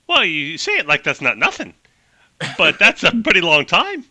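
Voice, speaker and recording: A man voicing a cheerful, folksy woman pilot from the past, talking fast and clipped with old-fashioned exclamations. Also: sits high, huge pitch swings, pushed and bright, dry recording, pitched above the performer's own voice, exaggerated voice. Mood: friendly. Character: brisk chatty woman aviator, cheerful and folksy.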